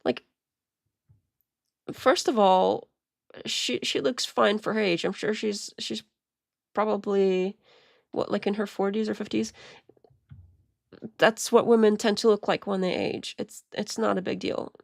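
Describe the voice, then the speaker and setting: A woman streamer chatting casually as she reacts to videos, rambling with stammered restarts and quiet muttered asides. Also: mid-range voice, fairly even intonation, measured pace, gravelly, long pauses, dry recording, studio quality. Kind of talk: casual live-stream commentary.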